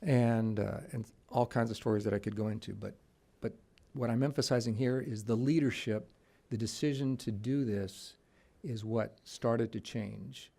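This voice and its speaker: A man speaks at a policy conference, with a gravelly edge and a dark, mellow tone. He tells stories and keeps restarting his sentences. He often stops on "uh" before going on. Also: medium pitch, steady tone. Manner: halting, many restarts and fillers; storytelling with quoted voices. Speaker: conference panelist. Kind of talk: presentation with anecdotes. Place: conference room.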